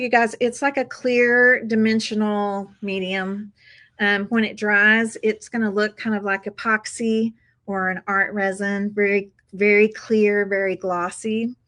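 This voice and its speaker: A woman's voice: medium pitch, fairly even intonation, measured pace, fairly bright tone, poor audio. A woman hosting a casual craft tutorial, chatty and upbeat, talking to viewers as she works at a craft table. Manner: chatty, upbeat, addresses viewers as "you guys".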